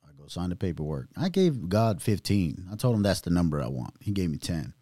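A man sharing his own testimony in casual chat, animated, using street slang and acting out other people's voices. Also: low voice, fairly quick, no room sound, studio quality.

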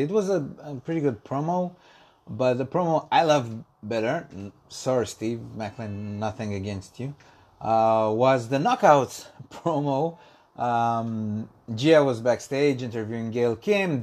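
A man's voice: medium pitch, a little mellow. A man hosting a solo podcast, talking loosely with lots of ums and uhs and repeating words as he corrects himself. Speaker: podcast host. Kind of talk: casual solo podcast review.

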